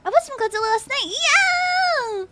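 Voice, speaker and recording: A woman's voice: very high-pitched, lively intonation, measured pace, heavy background noise. A young adult woman streaming as a VTuber, chatting casually and playfully with her viewers, laughing often and repeating her own phrases. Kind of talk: casual live-stream chat, reading chat aloud.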